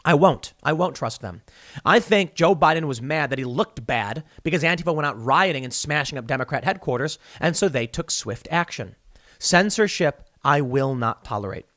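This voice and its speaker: Male podcast host, slightly high-pitched, emphatic solo commentary full of analogies. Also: expressive, normal speed, sharp tone, no echo, studio quality. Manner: emphatic, argumentative, builds extended analogies.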